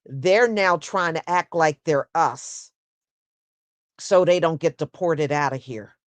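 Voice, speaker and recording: A woman with a low-pitched voice hosts a casual solo livestream, speaking in an unhurried, conversational way. She responds to viewers with "mm-hmm" and "yeah," and there's no room sound.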